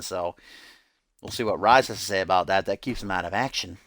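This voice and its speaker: A man's voice: sits low, brisk, fairly bright tone, no echo, clean studio sound. A man hosting a game stream, calling the matches like a loose, joking wrestling announcer. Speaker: streamer and host. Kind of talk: mock wrestling commentary over a video game.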